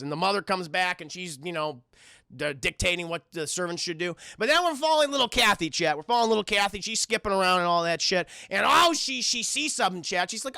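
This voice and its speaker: Gravelly, profane man ranting to chat. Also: high voice, fast talker, no echo, clean studio sound. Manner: animated, profane, addresses chat constantly. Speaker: film reviewer streaming to chat. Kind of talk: casual spoiler review talk.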